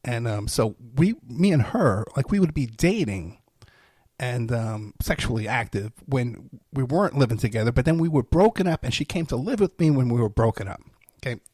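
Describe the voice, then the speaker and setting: A man's voice: medium pitch, expressive, normal speed, darkish tone, breathy edge, dry recording, studio quality. A man telling personal stories in a rambling, casual way, laughing between lines and using many fillers. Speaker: storyteller. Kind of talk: casual storytelling.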